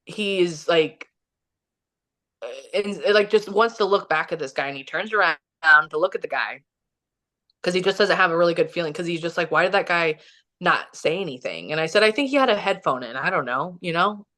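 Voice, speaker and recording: A woman's voice: fairly low pitch, lively intonation, brisk, a bit bright. A woman from Kansas City, Missouri, talking as a podcast guest and telling a personal story in a casual, chatty way, full of "like" and acted-out quotes. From Kansas City, Missouri, USA. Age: young adult or middle-aged, has a son. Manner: chatty, heavy use of "like", acts out quotes.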